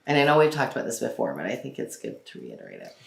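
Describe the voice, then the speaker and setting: A woman's voice: very deep voice, huge pitch swings, fast talker, gravelly. A woman in her forties hosting a casual chat, talking freely with frequent laughs and filler words. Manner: chatty, laughs often, many fillers. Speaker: host. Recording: echoey room.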